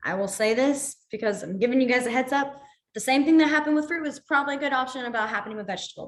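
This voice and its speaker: A woman's voice: on the high side, fairly bright tone, echoey room. Chatty, apologetic woman teaching a class. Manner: chatty, apologetic, easily sidetracked, laughs often. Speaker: sign language teacher. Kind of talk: online class instruction.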